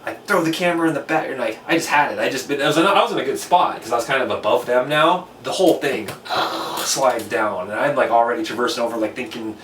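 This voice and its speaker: A man hosting a casual chat, telling a long, animated, profane story and acting out his own reactions. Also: medium pitch, quick pace. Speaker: podcast host telling a story. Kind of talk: casual storytelling over beers. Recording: roomy, distant mic with faint noise.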